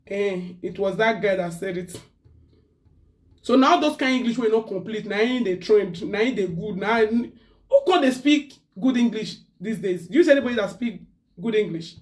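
A woman's voice: a little high, moderate pace, recorded from a distance. A woman with a Nigerian accent ranting in casual chat as a live-stream host, slipping pidgin into her English.

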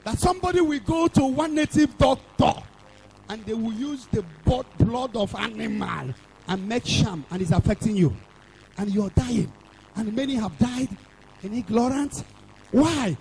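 High, gravelly Nigerian evangelist. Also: male voice, expressive, measured pace, a little hiss or hum, low-quality recording. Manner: shouting, sing-song call-and-response preaching. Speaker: evangelist preacher. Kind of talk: fiery revival sermon.

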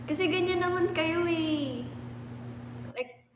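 A woman's voice: extremely high pitch, slow. A young woman with a Filipino accent chatting playfully on a livestream and reading out viewers' comments. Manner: playful, giggly, switches between English and Filipino. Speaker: livestream host. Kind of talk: casual live-stream chat reading comments. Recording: echoey room with long reverb and clear background noise.

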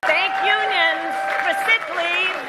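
A woman's voice: very high-pitched, fairly even intonation, slow pace. A woman giving a rally speech with emphatic, repeated call-and-response lines. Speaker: political speaker at a rally. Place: rally venue. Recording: loud rally crowd and noise.

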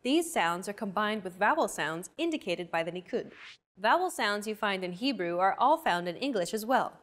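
A woman at a middle pitch hosts a scripted language lesson. Her delivery is clear and explanatory. She keeps an even tone as she walks learners through the sounds. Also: normal speed. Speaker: lesson host.

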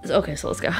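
A woman, chatting playfully at home as a reading vlogger, sometimes dropping to a whisper. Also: fairly low pitch. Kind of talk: casual vlog chat. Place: home, indoors.

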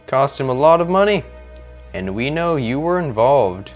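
A man voicing a cold, threatening male crime boss in a deep, lowered voice, reading him from a video game. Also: sing-song, normal speed, soft background music, close to an everyday voice. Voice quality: deep, low-pitched.

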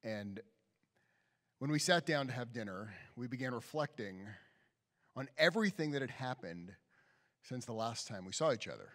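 Animated rabbi giving a sermon in a reverberant hall. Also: male voice, medium pitch, moderate pace, pauses often. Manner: storytelling, animated, acts out quoted voices. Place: synagogue sanctuary.

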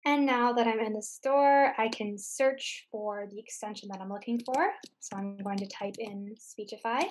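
A woman tech tutor giving a screen-share software lesson, explaining each step patiently. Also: mid-range voice, fairly even intonation, normal speed, a little hiss or hum. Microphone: computer mic on a recorded webinar.

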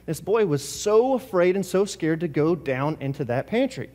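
A man's voice: fairly high pitch, very animated, normal speed, a little mellow, big-room sound. A man preaching a sermon as pastor, talking casually and asking the congregation questions. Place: church sanctuary.

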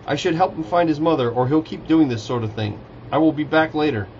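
A man's voice: a little high, brisk, darkish tone, a little hiss or hum, lightly acted. Man voicing a young earnest druid. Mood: calm. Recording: dull lo-fi live stream audio.

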